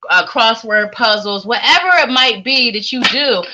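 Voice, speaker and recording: A woman's voice: on the high side, moderate pace, noisy background. A woman giving tarot readings to viewers in a live stream, talking in a chatty, sing-songy way with playful asides. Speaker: psychic tarot reader. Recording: lo-fi stream audio.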